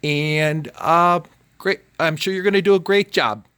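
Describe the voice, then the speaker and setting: A man teaching a home learning video lesson, talking children through the work in a casual, encouraging way and thinking out loud. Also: a little high, fairly even intonation, a little slow, clean tone.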